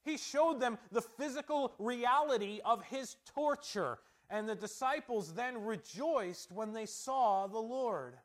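Speaking slowly in an extremely high-pitched voice with few pauses, a middle-aged male pastor gives a conversational sermon. Rhetorical questions fill it, and he alternates between loud emphasis and quiet asides.

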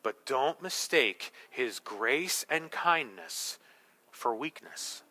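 A man preaching a sermon as pastor, swinging between hushed, slow words and loud, emphatic ones. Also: medium pitch, big pitch swings.

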